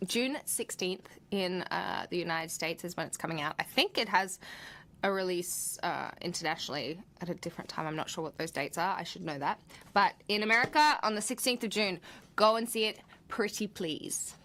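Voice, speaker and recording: A woman's voice: on the low side, moderate pace, fairly bright tone, a little hiss or hum. A woman actress chatting casually on a livestream, reading out viewer questions and answering them in a playful, laughing way. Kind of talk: live Q&A reading viewer comments.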